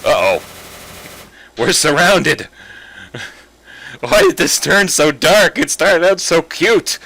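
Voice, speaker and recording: A man's voice: a little high, sing-song, slow, vocal fry, pauses often, pushed and bright. Laid-back man doing game commentary. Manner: laid-back, self-mocking, chuckling. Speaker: let's player. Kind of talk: gameplay commentary. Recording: game music behind.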